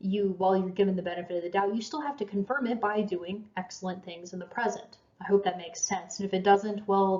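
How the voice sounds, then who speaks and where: A woman's voice: mid-range voice, darkish tone. A woman lecturing on history in a chatty, self-deprecating way, with fillers and small laughs. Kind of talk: casual recorded lecture. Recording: roomy, dull lo-fi lecture recording.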